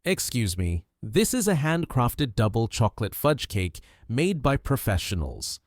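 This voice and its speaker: A man's voice: mid-range voice, sing-song, measured pace, dry recording, clean studio sound. A man reading a joking, proud young man. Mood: teasing. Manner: teasing, playful.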